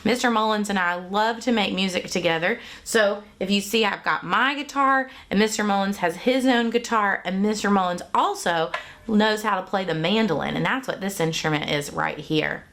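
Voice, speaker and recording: A woman's voice: medium pitch, normal speed, fairly bright tone. A woman teaching an online kindergarten music class from a music room at home, talking to young children in a cheerful, sing-song way with simple songs and counting.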